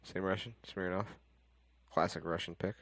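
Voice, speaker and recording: Deep-voiced podcast co-host with dry, clipped quips, dry close mic. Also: male voice, steady tone, moderate pace, no echo. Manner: dry, short interjections. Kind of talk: casual podcast chat.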